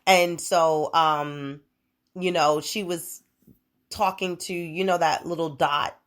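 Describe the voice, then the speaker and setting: A woman's voice: low voice, steady tone, slow pace. A young adult woman hosting her own podcast, chatting casually in a rambling, profane way with frequent laughs. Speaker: podcast host. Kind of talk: casual solo podcast chat.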